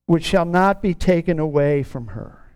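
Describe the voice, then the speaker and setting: High, smooth-voiced preacher man. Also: lively intonation, a little mellow, no room sound. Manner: earnest, with slow stretched emphasis on key words. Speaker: pastor. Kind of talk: sermon.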